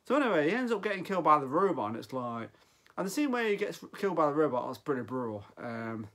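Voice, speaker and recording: A man's voice: a little high, sing-song, fast talker, fairly bright tone. A man in his forties giving an off-the-cuff film review, rambling and often losing his thread mid-sentence. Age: 40s. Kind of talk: casual unscripted film review.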